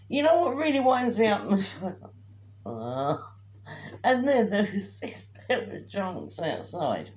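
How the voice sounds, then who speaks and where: A woman, co-hosting a casual chat and telling a story in an animated way, sometimes dropping to hushed asides. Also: lowish voice. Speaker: podcast co-host. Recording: faint background noise.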